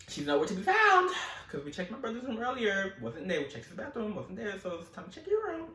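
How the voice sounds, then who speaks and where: A man telling a true story in a casual vlog, swinging his pitch wildly as he acts out each voice. His delivery is dramatic and profane, with a bright, forceful edge. The sound is roomy, picked up a little away from the mic. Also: wildly swooping pitch, fast talker, far from the mic. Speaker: host telling his own stories.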